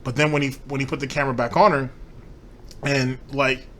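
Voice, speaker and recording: A man's voice: medium pitch, little pitch movement, brisk, a bit bright, slight background noise. A man hosting a commentary show, ranting in a profane, mocking way. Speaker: commentary host.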